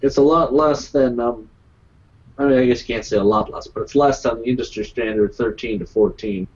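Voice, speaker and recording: A man's voice: mid-range voice, fairly even intonation, brisk, darkish tone, husky, lo-fi sound. A man co-commentating a live card game match, trading dry jokes with his partner. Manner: joking, dry banter.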